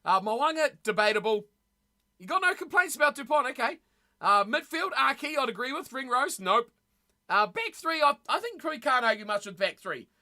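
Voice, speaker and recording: A woman's voice: high voice, very animated, normal speed, pushed and bright. A woman streamer chatting casually with her live chat, blunt and opinionated, often losing her train of thought.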